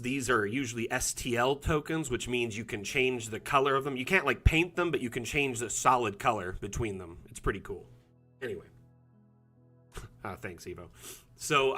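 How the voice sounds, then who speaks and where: A man's voice: mid-range voice, sharp tone. A middle-aged man chatting casually on a live stream, with many fillers and restarts. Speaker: community manager streaming a map build.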